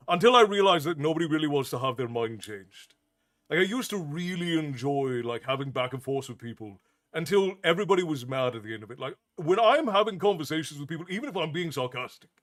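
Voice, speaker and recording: A man's voice: a little high, a bit bright. A man streaming his storytime show, chatting casually with his viewers in a rambling, self-amused way and laughing often. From United States. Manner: reads and answers viewer chat. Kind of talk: casual live-stream chat.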